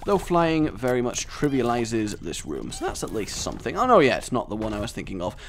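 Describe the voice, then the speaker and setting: Sarcastic man with a bouncy, lively voice. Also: a little fast, gravelly, a little hiss or hum. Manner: sarcastic and self-mocking, jumping into high squeaky bits. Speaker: gaming commentator. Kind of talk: let's-play commentary.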